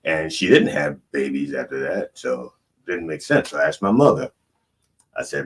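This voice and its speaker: A man's voice: extremely low pitch, sing-song, normal speed, gravelly, slightly rough. A man hosting a comedic sermon, telling rambling, irreverent stories from his childhood and interrupting himself. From Baltimore. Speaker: comedic preacher host. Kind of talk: storytelling stand-up monologue.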